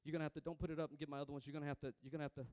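A man's voice: fairly high pitch, little pitch movement, racing, no echo, muffled recording. A man preaching a sermon as pastor, calling for responses from the congregation and often repeating words and restarting lines as he goes.

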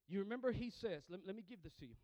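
A man preaching to his church in a very high voice. He calls for responses and repeats and restarts his phrases as he goes. The sound is close and dry with no room echo. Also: a little mellow. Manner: preaching, call-and-response with congregation; repeats words and restarts when fired up. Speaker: pastor. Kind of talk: sermon.

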